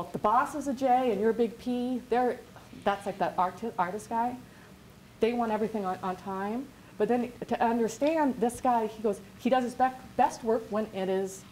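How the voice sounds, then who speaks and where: A woman's voice: medium pitch, slight background noise. A woman business coach giving a workshop talk in a chatty, rambling way, full of restarts and quoted asides. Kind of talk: workshop presentation. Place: classroom.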